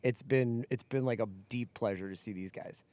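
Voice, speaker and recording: A man's voice: medium pitch, normal speed, darkish tone. A man co-hosting a comedy podcast, tossing in wry, sardonic quips. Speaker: co-host. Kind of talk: casual comedic podcast chat.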